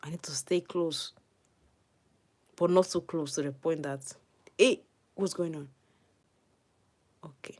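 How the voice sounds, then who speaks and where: A woman giving live gameplay commentary as a channel host, excitable, squealing at the game and dropping to hushed, muttered asides. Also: low voice, unhurried, pauses often. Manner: excitable, squealing and talking to the game's players.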